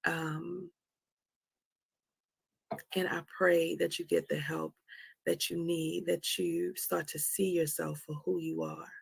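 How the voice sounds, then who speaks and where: A woman hosting a motivational livestream, speaking softly and slowly with a Southern American touch, often dropping to a whisper. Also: on the low side, very animated, creaky, husky, no echo. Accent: American, Southern country touch. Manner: soft, slow and prayerful, often dropping to a whisper. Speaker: livestream host.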